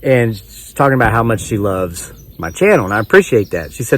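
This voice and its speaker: A man's voice: medium pitch, sing-song, fast, hardly any pauses, slight background noise. A man in his forties from West Virginia, talking outdoors to his channel in a rambling, chuckling, self-mocking way. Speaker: homesteading vlogger. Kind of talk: rambling storytelling to camera.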